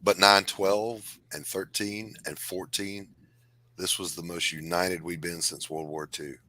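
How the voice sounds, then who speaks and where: A man's voice: sits low, flat delivery, unhurried, crowd noise. A man talking emphatically and with strong opinions in a casual chat.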